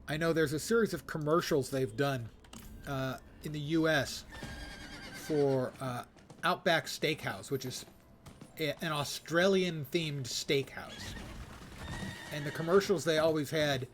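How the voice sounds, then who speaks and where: A man's voice: fairly high pitch, measured pace, a little hiss or hum. An American man streaming a game, chatting casually with rambling asides and frequent self-corrections. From United States. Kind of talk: casual gameplay chat.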